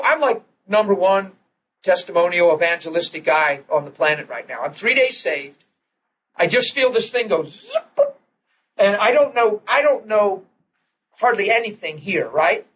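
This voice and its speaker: Excitable man preaching a story, lively pitch. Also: a little hiss or hum. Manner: excitable, animated, laughing while telling. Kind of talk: storytelling sermon. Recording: dull lo-fi old tape.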